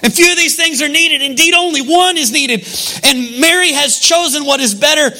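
A wise teacher gives a gentle scolding in a lifted, singsong voice, as a preacher plays him. The tone is teasing rather than harsh. It sounds bright and clear. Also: male voice, very high voice, moderate pace, voice pushed up, full character voice.

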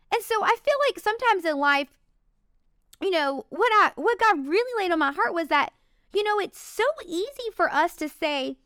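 A young woman with a high voice tells a personal faith testimony. She talks earnestly and with feeling, speaking straight to her viewers. The sound is dry and close, with no room echo. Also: fairly bright tone. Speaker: faith vlogger.

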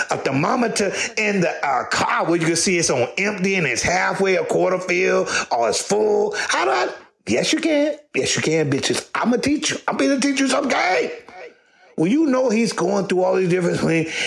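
Man for a crude comedy rant, high voice, wildly animated, gravelly. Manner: loud, sassy, swings high and low, shouting bursts.

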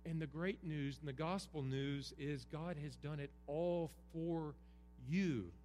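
Earnest pastor preaching in a hall. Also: male voice, on the high side. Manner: earnest preaching with emphatic repetition. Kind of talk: sermon. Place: church sanctuary. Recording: roomy hall reverb, faint hum.

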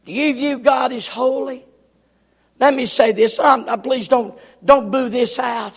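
A man preaching a sermon, often shouting and repeating words for emphasis. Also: extremely high pitch, fairly even intonation, a little slow, breathy edge. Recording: long hall reverb.

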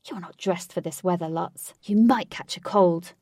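A woman reading lines for a fierce, blunt warrior in a storybook, curt and forceful. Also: lowish voice, moderate pace, no room sound, lightly acted.

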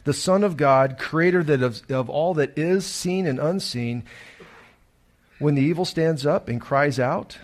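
A man's voice: a little high, unhurried. A male pastor, preaching a sermon earnestly and emphatically, with restarts and rhetorical questions.

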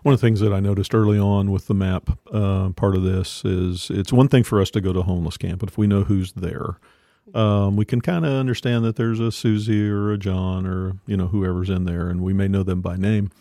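Low gravelly man telling a story. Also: steady tone, a little fast, hardly any pauses, warm tone, no room sound, studio quality. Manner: storytelling, with many fillers. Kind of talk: casual conversation.

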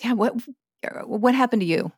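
A woman, retelling a personal experience in conversation in a vivid, expressive way with bursts of laughter. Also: a little high, normal speed, slightly rough, no room sound, studio quality. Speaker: guest sharing her experience.

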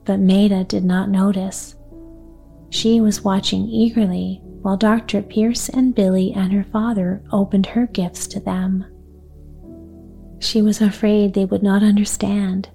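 A woman reading a gentle bedtime story aloud in a soft, unhurried way. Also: medium pitch, flat delivery, gravelly, soft background music.

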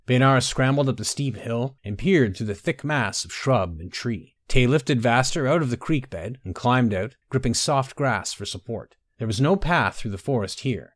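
A man narrating a story in a measured storytelling manner, softly voicing the dialogue. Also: mid-range voice, dry recording, clean studio sound. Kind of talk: scripted narration.

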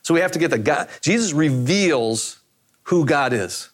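A man's voice: a little high, animated, unhurried. A man preaching a sermon in a conversational way, often repeating phrases for emphasis. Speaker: pastor.

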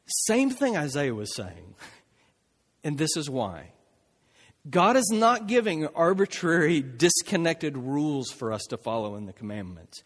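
Expressive male preacher in a reverberant hall. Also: a little high, a little slow. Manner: expressive, dramatic swings between soft and emphatic. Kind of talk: sermon.

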